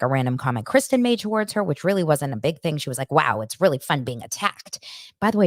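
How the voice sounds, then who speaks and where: Woman host, gossipy casual chat; low voice with lively swings, dry close sound. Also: no echo. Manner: chatty, animated, heavy use of "like" and restarts. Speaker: podcast host.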